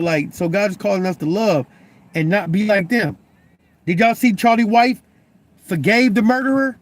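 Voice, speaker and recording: In a dry recording, a young man with a high voice preaches as a Christian vlogger. His style is casual and chatty; he stammers and repeats words while pressing his point and keeps asking "you know what I'm saying."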